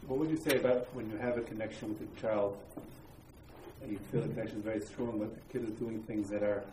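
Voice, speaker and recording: A man's voice: lowish voice, steady tone, quick pace. A man in the audience asking a question, hesitant and searching for words. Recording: distant roomy audience mic with noise.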